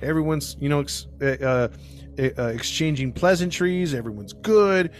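Over soft background music, a man with a slightly high, animated voice hosts a podcast and retells a true crime case at a moderate pace. He rambles, using many fillers and restarts, and acts out the quotes as he narrates.

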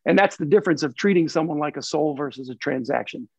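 A man's voice: fairly high pitch, quick pace, gravelly, husky, dry recording. A man talking earnestly and reflectively as a guest in a casual interview, often repeating himself as he thinks. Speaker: racing team president, guest. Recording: dull lo-fi recording.

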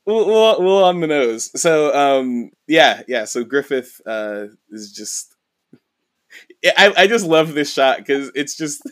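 An excitable, giggly young man co-hosting a podcast. His voice sits fairly high for a man and the recording is dry and close-miked. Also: takes it slowly, no echo. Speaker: podcast co-host. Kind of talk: casual chat.

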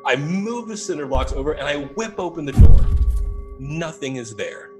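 A slightly high-voiced young man, a paranormal investigator, relates a ghost story at normal speed with music behind him. He keeps it casual and animated, voicing the dialogue and laughing.

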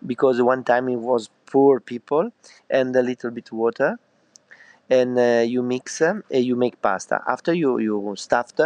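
A man's voice: medium pitch, no echo. Italian-accented male chef, hesitant English full of fillers, dry close sound. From Italy. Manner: halting English with many fillers, hospitable. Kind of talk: remote interview.

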